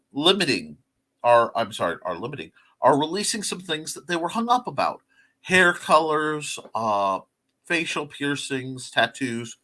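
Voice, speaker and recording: Male livestream host, casual chat, filler-heavy, bright tense tone. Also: a little high. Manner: rambling, filler-heavy, many restarts. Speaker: talk show host.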